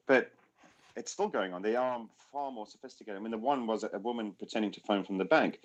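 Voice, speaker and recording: Low-voiced man hosting a casual chat. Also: a little fast, dull audio. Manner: animated, acts out quoted voices. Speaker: podcast host.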